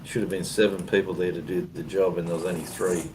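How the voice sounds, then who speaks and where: A man's voice: sits low, level tone, quick pace. An Australian man co-hosting a live stream, chatting in an easygoing, rambling way with blokey slang. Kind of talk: casual online chat. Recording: hissing mic with background noise.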